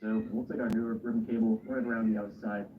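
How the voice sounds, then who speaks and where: A man's voice: on the low side, little pitch movement, fast talker, a little hiss or hum. A man walking through a console repair in a casual, step-by-step way, muttering to himself as he works. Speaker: repair streamer. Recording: dull lo-fi stream audio.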